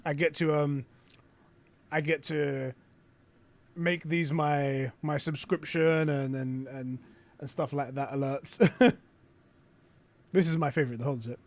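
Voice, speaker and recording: A man hosting a casual live stream, reading aloud and reacting with excitement and frequent swearing. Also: a little high, measured pace, long pauses.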